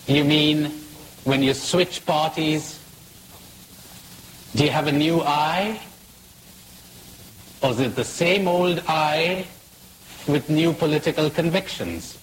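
A man's voice: fairly high pitch, lively intonation, slow, long pauses, big-room sound, a little hiss or hum, poor audio. A man giving a reflective spiritual talk, asking questions and telling jokes in a playful storytelling manner.

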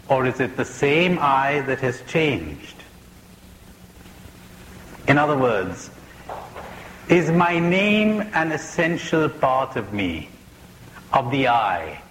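Man, spiritual talk, unhurried, questioning, playful storyteller, mid-pitched voice. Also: fairly bright tone, big-room sound, slight background noise, rough recording. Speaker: speaker giving a spiritual talk. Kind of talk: reflective spiritual talk with jokes.

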